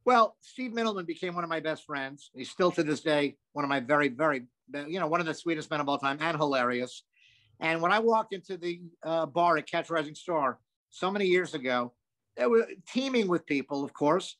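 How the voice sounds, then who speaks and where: An older man, a comedian guest, telling animated anecdotes with lots of asides and some swearing. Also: a little high, a little fast. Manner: animated, profane, rambling with asides. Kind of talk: anecdotal storytelling.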